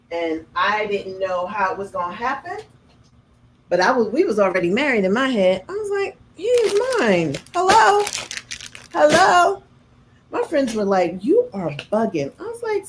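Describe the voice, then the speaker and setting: A middle-aged woman, hosting a casual chat and telling stories with lively, acted-out quotes. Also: a little hiss or hum, poor audio. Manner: animated, acts out quotes with big pitch jumps. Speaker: host.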